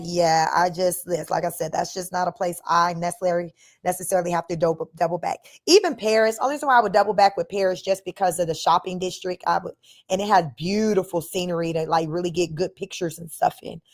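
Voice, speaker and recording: Chatty laughing woman reading viewer comments. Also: lowish voice. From Northern California. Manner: animated, chatty, laughs while talking, addresses viewers as y'all and child. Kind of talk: casual chat.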